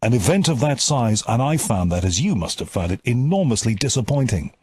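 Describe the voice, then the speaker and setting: A man's voice: mid-range voice, very animated, fairly quick, darkish tone, slightly rough. A man from the UK hosting an interview, chatty and given to repeating and restarting words. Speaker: interviewer and host. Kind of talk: casual interview chat.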